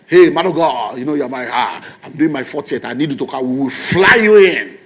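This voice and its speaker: A man voicing an excitable, boastful, newly rich male friend who talks loudly and gushes. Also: a little fast, slightly rough. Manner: loud, gushing, high-pitched.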